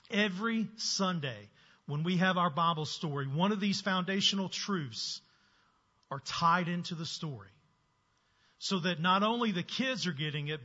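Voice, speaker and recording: A man's voice: high voice, pushed and bright, husky. A man leading preschool ministry, giving an earnest and emphatic church presentation to the congregation. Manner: earnest, emphatic, asks the room for agreement. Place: church sanctuary. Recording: dull sound with long hall reverb.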